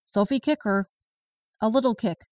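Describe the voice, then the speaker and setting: A woman's voice: fairly high pitch, normal speed, darkish tone, dry recording, lightly acted. A woman in her sixties narrating as a stern Chinese grandmother, with a Chinese accent, broken English and a blunt, indignant manner. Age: 60s. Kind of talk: first-person audiobook narration. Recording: distant mic in a dry room.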